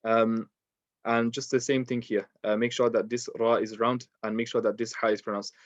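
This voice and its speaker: A man's voice: medium pitch, level tone, normal speed, no echo, dull audio. A man teaching a beginners' Quran recitation lesson, explaining step by step with a patient, filler-laden manner. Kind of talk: online lesson.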